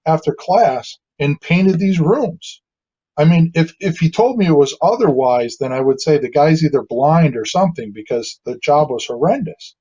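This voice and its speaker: A man tells stories on a podcast, pitched a little high, with a mellow, relaxed tone. He breaks into quick impressions of clients as he goes. The sound is a bit dull and lo-fi. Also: breathy edge. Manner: storytelling, acts out quoted clients in animated asides. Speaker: guest, builder and designer. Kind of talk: casual podcast conversation.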